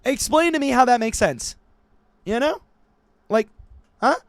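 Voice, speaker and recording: A man reading news stories aloud and ranting about them in a profane, animated commentary for his channel, recorded on a desk microphone at home. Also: extremely high pitch, a little slow, no room sound. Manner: animated, swearing, laughing, ranting. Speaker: political commentary YouTuber. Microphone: new desk microphone.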